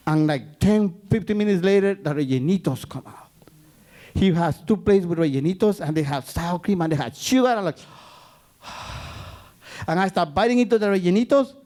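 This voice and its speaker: A man's voice: sits high, moderate pace. A man from Guatemala, telling a story on stage and acting out the voices of the people in it. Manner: animated, acts out the voices in his story. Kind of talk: live storytelling.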